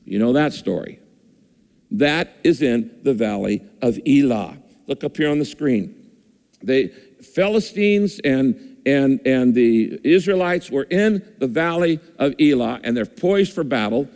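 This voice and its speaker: A man's voice: mid-range voice, animated, a little slow, darkish tone. A pastor preaching a sermon in a conversational way, often repeating his phrases, speaking on a stage microphone in a church with a screen. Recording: long hall reverb.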